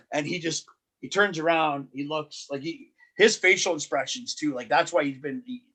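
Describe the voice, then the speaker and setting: Man from Canada, podcast guest, animated storyteller, slightly high voice, restarts sentences. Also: normal speed, husky. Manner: animated, restarts often, acts out quotes. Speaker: wrestling promoter and guest.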